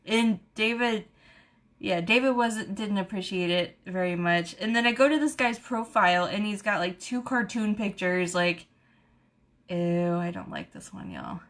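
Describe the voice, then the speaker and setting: A woman, hosting a casual live stream and telling stories in an animated, chatty way. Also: mid-range voice, moderate pace. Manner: chatty, animated storytelling with laughs. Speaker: beauty vlogger host. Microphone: camera mic on a live stream.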